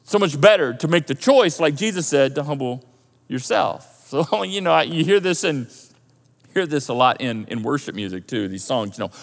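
A male pastor preaching a sermon in a lively, conversational way and often repeating himself. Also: on the high side, normal speed, creaky. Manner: animated, conversational preaching with repetitions. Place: church auditorium. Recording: echoey hall.

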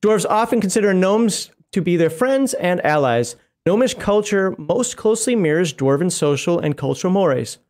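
A man's voice: sits high, animated, normal speed, hardly any pauses, darkish tone. A man co-hosting a casual talk show, reading lore aloud and rambling into asides with frequent laughs. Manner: rambling, stops to laugh and comment. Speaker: podcast co-host reading game lore.

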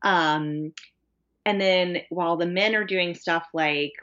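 A woman co-hosting a casual podcast tells a story with animated energy, lots of "um" and "like" along the way. Her voice sits on the low side for a woman. The recording sounds dull and lo-fi. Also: measured pace. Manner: animated storyteller, laughing, many fillers. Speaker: podcast co-host. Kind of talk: casual chat.

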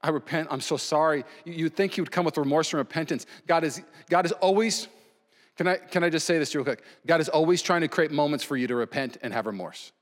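A male pastor delivers a sermon in a slightly higher voice, talking fast and with emphasis, swinging from loud to hushed. A long reverb from a large church hall trails his words.

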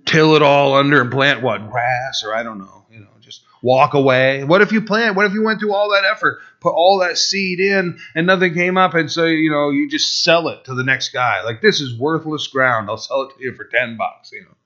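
Bright-voiced preacher telling a story. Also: male voice, on the high side, moderate pace, few pauses. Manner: animated storytelling, acting out quoted voices, frequent restarts. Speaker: pastor. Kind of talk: conversational sermon with personal story. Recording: dull, slightly lo-fi sound.

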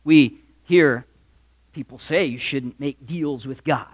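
A man preaching a sermon, acting out characters in quick asides and swinging from loud to soft. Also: mid-range voice. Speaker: pastor.

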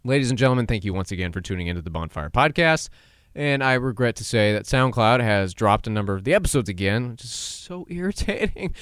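A man's voice: mid-range voice, expressive, fairly quick, a bit bright, clean tone, no room sound, clean studio sound. A man in his twenties hosting a solo podcast, talking casually and acting out quoted voices, often laughing at himself. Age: 20s. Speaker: podcast host.

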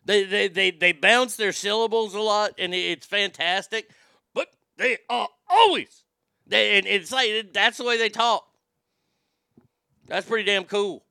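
A man's voice: high voice, fairly even intonation, measured pace, sharp tone, clear, resonant tone, dry recording, studio quality. A man with a Southern accent hosting a casual talk show, rambling, joking and swearing. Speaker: radio show host.

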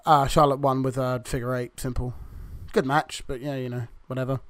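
Speaking fairly quickly in a level tone, this medium-pitched man sounds dry and close on the recording. As a podcast co-host, he chats loosely about a wrestling review, voicing the wrestlers' lines and cursing without restraint.

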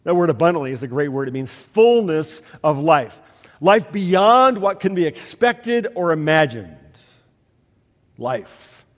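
A man's voice: fairly high pitch, big pitch swings, a little slow. A man preaching a sermon, telling stories with emphatic, rising delivery. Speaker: pastor. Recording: long hall reverb.

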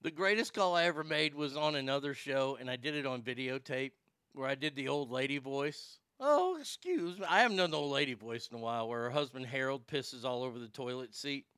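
A talk show host with a mid-range, steady voice speaks fairly quickly in a pushed, bright tone as he prank-calls a call center. Afterward he jokes and giggles about it, stammering and restarting his sentences. The sound is clean studio audio with no room sound.

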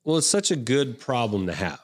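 A man's voice: medium pitch, very animated, fairly quick, no room sound. A man co-hosting a casual chat, enthusiastic, with frequent restarts. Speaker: podcast co-host.

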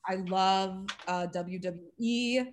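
Female podcast guest, deadpan and hesitant, mid-range voice. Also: medium pitch, takes it slowly, background noise. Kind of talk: casual chat.

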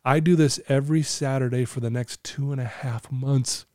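A man's voice: mid-range voice, fairly even intonation, moderate pace, dark tone, no room sound, clean studio sound. A man in his fifties, a recovery coach, telling a personal story as a podcast guest in an earnest, emotional way, laughing easily.

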